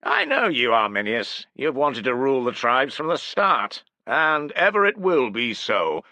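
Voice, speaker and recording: A man's voice: mid-range voice, sing-song, a little slow, bright, forceful tone, no echo, pitched above the performer's own voice, full character voice. A man voicing a mocking male tribal chieftain with a nasal, scoffing delivery in an audiobook. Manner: scoffing, sneering. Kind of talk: audiobook character voice.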